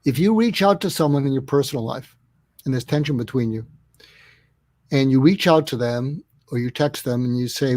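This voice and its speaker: A man's voice: mid-range voice, moderate pace, darkish tone, no room sound. A man speaking as an interview guest who explains ideas step by step in an earnest way, often acting out little dialogues. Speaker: guest expert on listening. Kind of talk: interview conversation.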